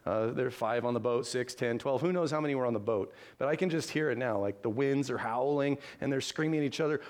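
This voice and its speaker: A man's voice: mid-range voice, fast, hardly any pauses, darkish tone. A man preaching a sermon in an earnest, conversational way, asking the listeners rhetorical questions. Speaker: pastor.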